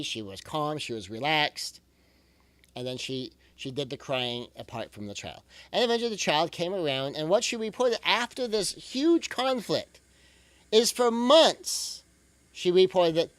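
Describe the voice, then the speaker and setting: A man's voice: fairly high pitch, dry recording. A man giving a recorded parenting talk in an earnest, reassuring way, often repeating key phrases for emphasis. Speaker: parenting coach.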